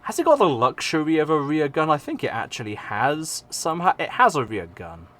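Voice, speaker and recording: A man's voice: a little high, sing-song, fairly quick, sharp tone. A young man with an English accent streams casually, rambling, swearing often and mocking himself. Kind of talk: casual live-stream chat.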